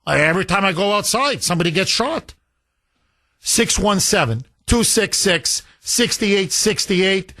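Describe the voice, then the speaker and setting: A male talk radio host with a fairly high voice speaks indignantly, his pitch rising as he grows more worked up, and he repeats a phone number. His delivery is animated, pointed and a little slow, with a clean studio sound.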